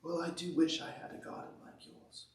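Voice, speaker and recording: A man voicing a slow, never-satisfied male toad in an English accent for a children's story. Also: a little hiss or hum, lightly acted. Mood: glum. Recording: echoey hall from far off.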